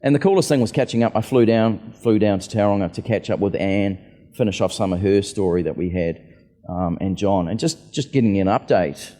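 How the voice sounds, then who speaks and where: A man's voice: on the low side, a little fast, mellow. A man telling stories casually on stage as an author at a book festival, acting out the voices of people he met. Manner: chatty, acts out quoted voices. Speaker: author and aviator, festival guest. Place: festival venue hall. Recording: reverberant hall.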